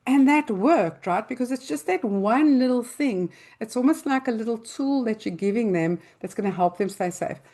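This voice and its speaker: An older woman hosting a parenting advice show and answering listener questions, calmly explaining with everyday examples in loose, conversational speech. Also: on the high side, normal speed, few pauses. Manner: loosely spoken, with restarts and fillers.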